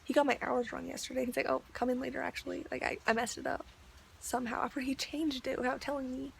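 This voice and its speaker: Young woman venting about work, high voice with gravelly fry, says like a lot, bit of hiss behind. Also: steady tone, quick pace. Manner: chatty, exasperated, lots of "like". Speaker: vlogger. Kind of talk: ranting video diary.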